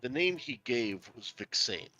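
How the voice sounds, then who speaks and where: A man playing a tabletop role-playing game, speaking in character in a formal, measured way. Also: medium pitch, very animated, pushed and bright, faint music behind. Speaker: player.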